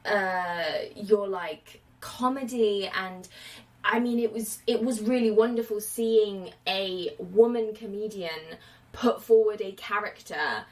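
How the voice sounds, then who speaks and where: A woman's voice: medium pitch, takes it slowly, far from the mic, low-quality recording. Casual woman podcast host, late twenties, chatty with filler words, a touch off-mic. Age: late 20s. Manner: chatty, animated, many fillers and quoted asides. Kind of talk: casual film podcast chat.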